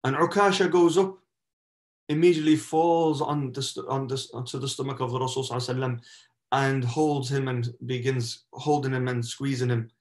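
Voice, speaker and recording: A man's voice: mid-range voice, little pitch movement, fairly quick, a little mellow. A man, a shaykh, giving a religious lesson as an impassioned story, with Arabic religious phrases mixed in and a rising, emphatic delivery. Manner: impassioned, swells in emphasis with oaths. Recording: echoey roomy sound.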